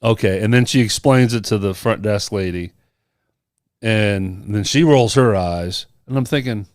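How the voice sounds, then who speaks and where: A man's voice: on the low side, measured pace, dry recording, clean studio sound. A man on a podcast telling a personal story in casual chat, acting out the people he quotes. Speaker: podcast co-host.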